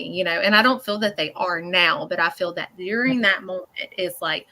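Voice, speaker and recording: A woman working as a psychic medium, giving a live reading to a caller in a halting, earnest way. She uses many fillers, often checks in with "okay?", and speaks bluntly. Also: on the low side, pushed and bright.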